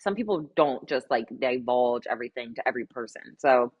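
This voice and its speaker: A woman's voice: very deep voice, brisk, dull audio. A young adult woman giving a casual, sassy recap of a reality show with exasperated asides. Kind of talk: casual commentary.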